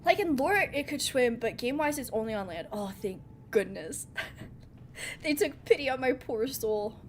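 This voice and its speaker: A young woman streaming a game live, excitable and chatty, often laughing and reacting to viewers. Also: a little high, moderate pace, slight background noise. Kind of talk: live gameplay commentary.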